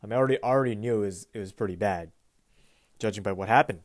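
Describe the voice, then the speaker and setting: Man, podcast host, low voice, dry close sound, relaxed rambling storytelling. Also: racing, dry recording. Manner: relaxed, rambling, with frequent restarts and fillers. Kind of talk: casual solo podcast storytelling. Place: Pacific Northwest US.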